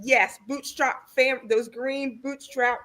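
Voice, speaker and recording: Woman, excited and enthusiastic, casual chat, bright voice, slightly high. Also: slow pace. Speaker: panel guest.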